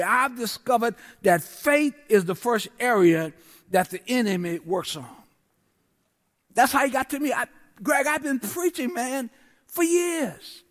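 A man's voice: very high-pitched, lively intonation, measured pace, a bit bright. A man preaching a sermon as a guest pastor, in a rhythmic style full of repeated refrains and calls out to the congregation. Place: large church. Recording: long church hall reverb.

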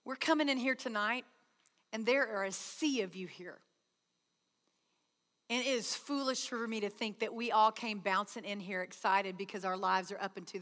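A woman's voice: mid-range voice, a bit bright. A woman giving an earnest sermon at a retreat, acting out prayer dialogues with God. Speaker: retreat speaker. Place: large hall. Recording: hall reverb.

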